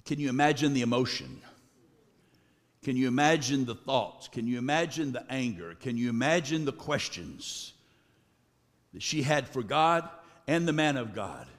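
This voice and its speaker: A man preaching a sermon dramatically, swinging between shouted lines and low, drawn-out words. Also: lively intonation, long reverb tail.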